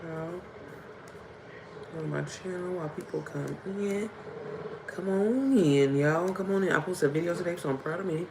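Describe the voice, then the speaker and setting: A young woman with a hoarse voice, hosting a casual livestream and chatting directly to her viewers. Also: fairly low pitch, moderate pace, long pauses, background noise. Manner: chatty, addresses viewers as y'all and baby. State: hoarse from screaming. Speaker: livestream host.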